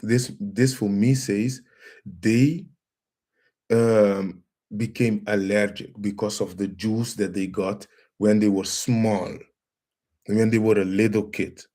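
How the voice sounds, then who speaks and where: A man hosting a live stream, talking calmly and repeating himself as he addresses viewers as family. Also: fairly low pitch, slow pace. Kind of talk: casual live stream demonstration.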